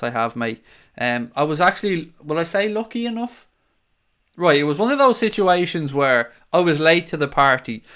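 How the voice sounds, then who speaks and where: Chatty man with a smooth voice. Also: medium pitch, fairly bright tone. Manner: chatty, swears freely, calls viewers mate. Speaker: fan channel host reading live chat. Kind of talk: casual live-stream chat.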